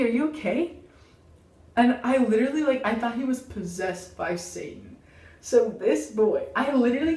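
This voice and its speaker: A young woman telling a childhood story in a casual storytime vlog, dramatic and animated, saying "like" constantly. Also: mid-range voice. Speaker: vlogger. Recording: roomy, mic at a distance.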